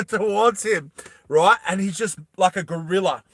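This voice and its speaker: An excitable young man chats with his viewers, rambling and stopping to correct himself along the way. His voice sits a touch high and sounds bright and forward. The recording is close and dry. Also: moderate pace, dry recording. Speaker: animated film creator. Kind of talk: casual storytelling to viewers.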